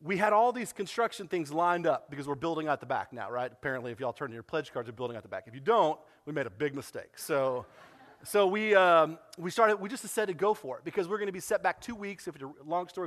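A man, a pastor telling a story to his church in a lively sermon, acting out what people said. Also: fairly high pitch, fast talker, big-room sound. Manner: animated storytelling, acts out quoted dialogue. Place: church sanctuary.

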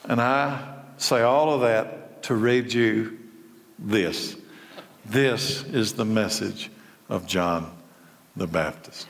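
A man's voice: on the low side, takes it slowly, vocal fry, pauses often, long reverb tail. A man preaching a sermon to a live church audience, firing off rhetorical questions and building to raised, emphatic passages. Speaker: pastor.

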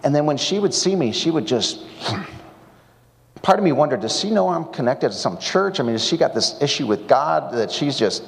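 Pastor preaching in a reverberant hall. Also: male voice, fairly high pitch, lively intonation, moderate pace, gravelly. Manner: conversational storytelling with wry asides. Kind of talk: sermon at a seminar.

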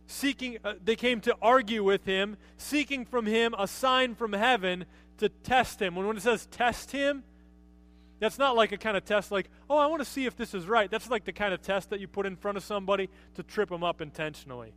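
A man's voice: sits high, moderate pace, fairly bright tone. A man preaching a conversational sermon as pastor, often asking his listeners rhetorical questions.

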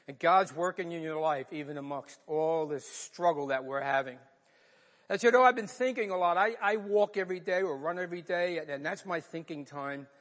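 A man's voice: a little high, fairly bright tone. An older man with a New York accent, a pastor preaching a sermon and telling a personal story in an earnest, emotional way. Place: church sanctuary. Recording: long reverb of a large hall.

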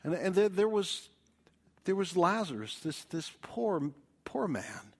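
Slow, dramatic male preacher. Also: sits high, expressive. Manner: dramatic, swings from loud appeals to hushed whispers. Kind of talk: evangelistic sermon. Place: church.

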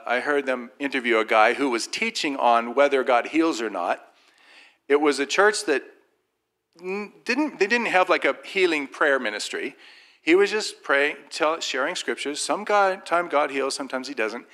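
Brief: man, bright, forceful voice, informal faith testimony, lively storyteller who mimics others. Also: medium pitch. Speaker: Christian speaker sharing a personal testimony.

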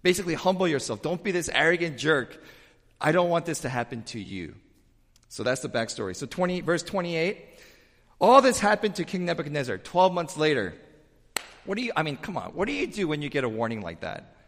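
A male pastor preaching a sermon in a church, talking in an animated, emphatic way and sometimes repeating words in a rush. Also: a little high, a little fast, long reverb tail. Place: church sanctuary with pews.

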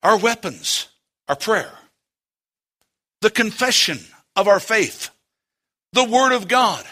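Bright high-voiced male preacher. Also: animated. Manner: preaching with dramatic pauses and shifts from loud to hushed. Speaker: pastor. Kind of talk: sermon. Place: church.

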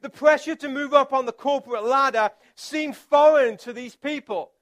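A man preaching a relaxed, conversational sermon as pastor, chatty and self-deprecating, with filler words and restarts. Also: very high-pitched, moderate pace.

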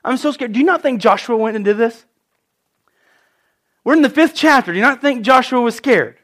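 Man, high voice, animated sermon, acts out quotes. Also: moderate pace. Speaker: pastor.

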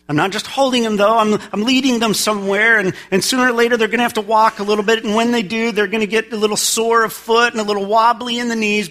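Guy pastor preaching, high bright voice, talks like chatting, goes hushed then loud. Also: steady tone, quick pace, few pauses. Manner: conversational, swings from hushed to loud pleading. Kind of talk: sermon.

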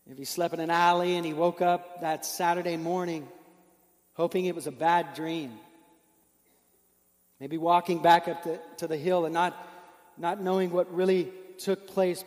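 High-voiced preacher in a reverberant hall. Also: male voice, darkish tone. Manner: earnest storytelling, rising with emotion, rhetorical questions. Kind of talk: sermon.

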